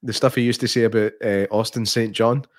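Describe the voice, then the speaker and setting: A man's voice: lowish voice, fairly even intonation, a little fast, no room sound, studio quality. A man with a Scottish accent co-hosting a podcast in casual chat, with wry, teasing banter. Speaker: podcast co-host.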